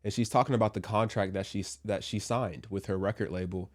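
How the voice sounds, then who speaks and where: A man with a fairly low voice talks through his commentary casually, tossing in joking asides. He sounds slightly under the weather and speaks from a Christian view. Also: steady tone, brisk. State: a little sick. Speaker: commentary vlogger.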